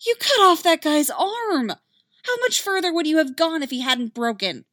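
A woman voicing a fierce, principled young female rebel pilot who speaks in a raised, forceful voice. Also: fairly high pitch, expressive, slow pace, no room sound, clean studio sound, voice pushed up, exaggerated voice. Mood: indignant.

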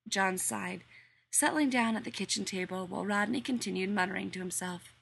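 A woman narrates a story aloud at a mid pitch. Her storytelling is even and measured, the steady pace of an audiobook reading. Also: creaky, breathy edge.

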